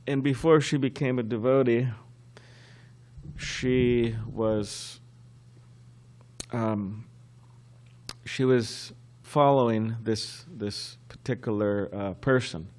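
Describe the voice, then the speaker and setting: Slow, low-voiced man giving a scripture class. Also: a little mellow. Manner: halting and conversational, often restarting. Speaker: class speaker at a temple.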